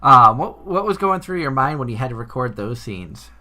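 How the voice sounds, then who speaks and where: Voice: mid-range voice, animated, moderate pace, pushed and bright. A podcast host asking long, rambling questions full of fillers. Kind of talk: interview questions.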